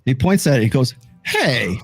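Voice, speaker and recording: A man narrating a tabletop game as game master, halting and searching for words, laughing often. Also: medium pitch, lively intonation, soft background music.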